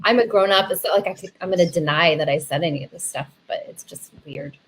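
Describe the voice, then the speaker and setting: A woman on a stream sharing a personal story in a confiding, soft-spoken way. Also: lowish voice, fast talker, slight background noise, low-quality recording. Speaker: regular cast member. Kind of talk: casual chat.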